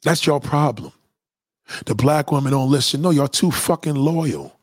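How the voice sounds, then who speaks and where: A man's voice: mid-range voice, moderate pace, breathy edge, dry recording, studio quality. A man ranting to viewers in a profane, preachy and conspiratorial way, repeating himself for emphasis. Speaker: vlogger giving opinions. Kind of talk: profane rant to camera.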